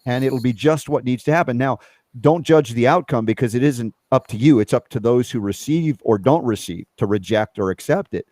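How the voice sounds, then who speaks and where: A man in the host's chair, speaking in an earnest, reflective way about spirit and faith, his pitch sitting in an ordinary middle range. The sound is dry and close, with no room echo. Now and then he jumps up in pitch when he gets animated. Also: fairly quick. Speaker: host. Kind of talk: casual spiritual conversation.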